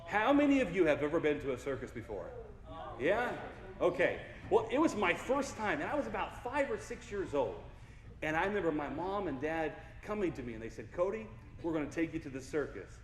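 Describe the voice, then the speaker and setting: A man's voice: fairly high pitch, very animated, brisk. A young man giving a playful keynote to a large audience, joking and getting the crowd to join in. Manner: goofy, playful, engages the crowd. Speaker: keynote speaker. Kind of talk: motivational keynote speech. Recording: echoey hall from far off.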